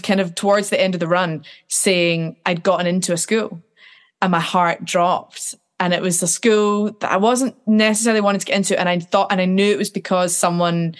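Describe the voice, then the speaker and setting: Chatty woman telling stories. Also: on the low side. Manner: animated, acts out quotes. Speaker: guest. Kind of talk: casual storytelling.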